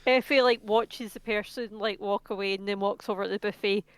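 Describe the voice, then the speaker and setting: A woman's voice: mid-range voice, fairly even intonation, a little fast, clean tone. Woman player, casual narration, lots of "like", playful tone. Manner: casual, filler-heavy, playful. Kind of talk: narrating her character in a tabletop game.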